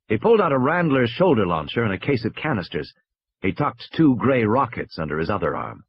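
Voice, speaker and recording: A man narrates an audiobook at a steady storytelling pace, his slightly husky voice rising and falling with animated pitch. The recording is dry and somewhat muffled. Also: no echo.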